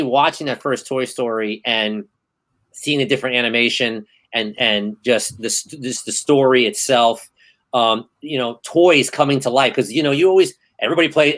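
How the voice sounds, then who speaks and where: A man in his thirties hosting a casual podcast chat, telling stories in an animated, excitable way. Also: medium pitch, rough recording. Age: 30s. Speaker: host.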